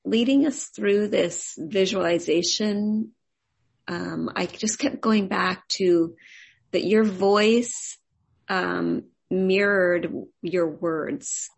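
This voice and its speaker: Slow, gravelly, husky woman gushing. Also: on the low side, a little mellow. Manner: gushing, halting, repeats herself. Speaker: meditation group participant. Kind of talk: heartfelt casual feedback.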